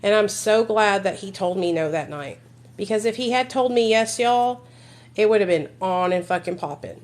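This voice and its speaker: A woman's voice: medium pitch, moderate pace, darkish tone. A woman vlogger telling a personal story on a live stream, blunt and emphatic, swearing freely and talking straight to her viewers.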